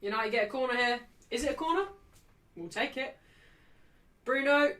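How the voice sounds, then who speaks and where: A woman hosting a football watchalong stream, calling the play, cheering loudly and joking brashly with her live chat. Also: on the high side, normal speed. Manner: excitable, shouting cheers at big moments. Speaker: livestream host.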